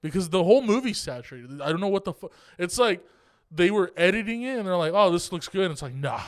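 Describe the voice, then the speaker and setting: A young man co-hosting a podcast, chatting casually about films in an excitable, profane way and laughing often. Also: high voice, fast talker, dry recording, clean studio sound. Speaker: podcast co-host. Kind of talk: casual movie review chat.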